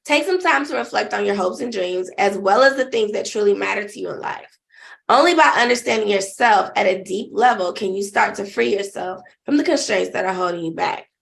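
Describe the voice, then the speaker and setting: A woman's voice: medium pitch, brisk, vocal fry. A woman life coach giving an earnest motivational talk, telling her own story and asking the listener direct questions. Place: seated.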